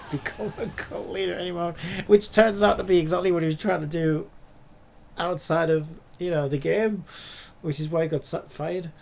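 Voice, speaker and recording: A man's voice: a little high, fairly even intonation, normal speed, creaky, darkish tone. A man streaming a game, chatting casually and rambling with lots of filler words. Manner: rambling, lots of "like" and "you know". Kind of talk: casual commentary while gaming.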